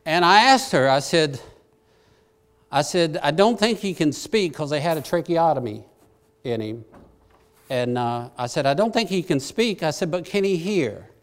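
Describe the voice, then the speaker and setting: A middle-aged man preaching, telling a personal story in a folksy, self-deprecating way that swings from hushed to excited. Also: fairly high pitch, normal speed. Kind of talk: sermon storytelling.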